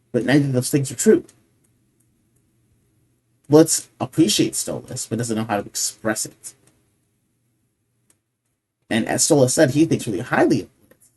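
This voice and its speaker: A man hosting a reaction video talks through his thoughts in an earnest, casual way. His pitch is ordinary for a man. He restarts sentences as he thinks and keeps checking in with "right?". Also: a little mellow, husky. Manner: earnest, repeats "right?" often.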